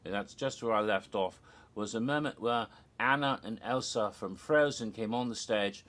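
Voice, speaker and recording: A man casually recounting a theme-park show in an animated, gossipy way with giggles. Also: on the low side, normal speed. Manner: animated, gossipy, giggles at his own jokes. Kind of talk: casual recap narration.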